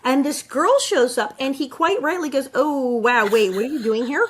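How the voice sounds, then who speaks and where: Woman, podcast co-host, animated recap, slightly high voice, acts out quoted lines. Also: moderate pace, background noise. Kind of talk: casual chat, recapping an episode.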